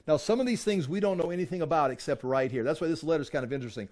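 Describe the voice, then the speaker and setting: A man's voice: on the high side, rapid-fire, few pauses, a little mellow. A man teaching a Bible study, reading scripture aloud and then explaining it in a loose conversational way, often restarting his sentences.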